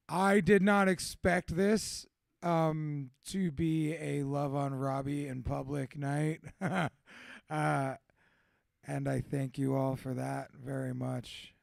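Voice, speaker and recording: A young man with a medium-pitched, creaky, darkish voice, recorded without echo, MCs a live community event at a tattoo shop. As host, he gives casual, rambling, profane closing remarks and laughs often.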